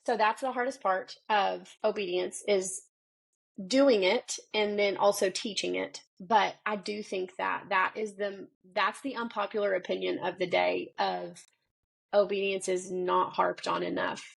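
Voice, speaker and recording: A woman in her thirties, a children's pastor and podcast guest, telling a parenting story in animated conversation. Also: measured pace, gravelly, breathy edge, low-quality recording. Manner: animated storyteller who acts out dialogue with pitch jumps. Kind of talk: conversational faith interview.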